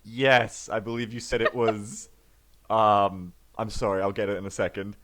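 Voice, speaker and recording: A man's voice: lowish voice, level tone, unhurried, fairly bright tone, a little hiss or hum. A man voicing a flustered traveler who stammers and hesitates.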